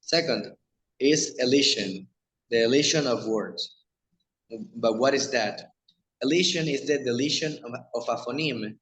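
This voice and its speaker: A man with a Spanish accent, a native Spanish speaker, teaching English pronunciation in a halting lecture with many restarts. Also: medium pitch, a bit bright, low-quality recording.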